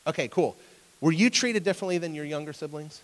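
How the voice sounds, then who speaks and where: A man's voice: fairly high pitch, fast talker. Man preaching in a reverberant hall. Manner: conversational, asks the audience questions; acts out voices in anecdotes. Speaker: pastor. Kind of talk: sermon. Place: church hall with an audience.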